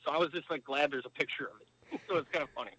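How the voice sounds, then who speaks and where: A former pro hockey player from the US rattles off a long story as a podcast guest, his slightly high voice rapid-fire, bright, forceful, and breathy. Fillers and rambling detours run throughout, in a recording with no room sound but poor audio.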